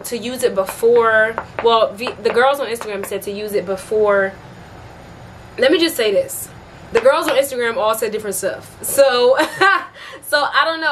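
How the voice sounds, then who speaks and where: A woman's voice: fairly high pitch, a bit bright, a little hiss or hum. Chatty young woman vlogging to camera. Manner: chatty, upbeat, laughs often, many fillers. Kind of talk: casual vlog chat to camera.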